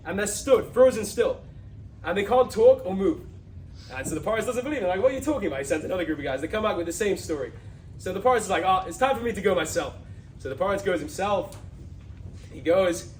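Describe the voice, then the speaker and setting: A young man tells a story from some distance off the microphone. His voice sits high, and he jumps into sudden raised, excited character voices. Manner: acts out characters with sudden high, loud outbursts. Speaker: student speaker retelling a Hasidic story. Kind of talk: animated storytelling. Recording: distant mic with faint background noise.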